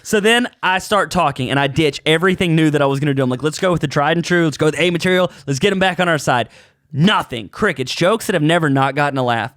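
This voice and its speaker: A man's voice: fairly high pitch, quick pace, dry recording, clean studio sound. A man, a comedian and podcast co-host, telling a story in a casual chat and acting out the voices in it. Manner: animated, acts out voices in his stories.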